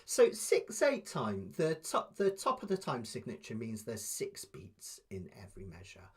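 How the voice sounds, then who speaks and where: A man teaching a live online ukulele lesson, patiently explaining step by step and counting beats aloud softly. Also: mid-range voice, wildly swooping pitch, unhurried, hardly any pauses, breathy edge.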